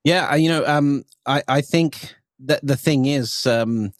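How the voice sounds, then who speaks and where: A man's voice: mid-range voice, measured pace, no echo, clean studio sound. An Australian man hosting a podcast, talking casually and loosely with lots of ums and you-knows. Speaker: podcast host.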